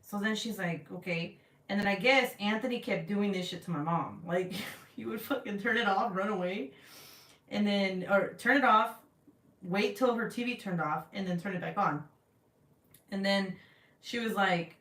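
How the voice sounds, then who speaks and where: Profane, animated woman chatting on a livestream. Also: medium pitch, moderate pace. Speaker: livestream host. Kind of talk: casual livestream chat, reading comments. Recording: roomy, distant from the mic.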